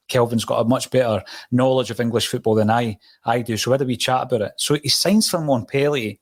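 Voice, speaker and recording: Man, podcast host, relaxed chatty storyteller, mid-pitched voice. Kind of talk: casual chat.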